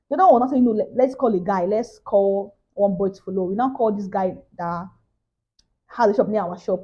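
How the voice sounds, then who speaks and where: A woman's voice: on the high side, fast talker, dark tone, breathy edge, muffled recording. A young Nigerian woman with a Nigerian accent, telling a story in a casual vlog and acting out the other people's voices. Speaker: vlogger.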